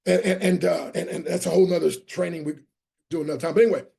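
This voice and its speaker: A man gives a motivational business talk in a high, raised voice, delivered like a sermon. His tone has a gravelly edge of fry. He drives his points home and rallies his listeners to answer him. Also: fairly even intonation, fast, warm tone. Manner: preacher-like, emphatic, rallies listeners; spells out key words letter by letter. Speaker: guest motivational speaker. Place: online training session.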